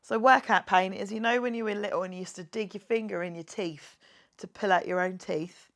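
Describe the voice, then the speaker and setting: A woman's voice: mid-range voice, fairly even intonation, brisk, fairly bright tone. A woman fitness instructor leading a guided workout class, joking around as she counts reps and cheers her viewers on. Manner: playful, jokey, counts reps aloud and cheers on.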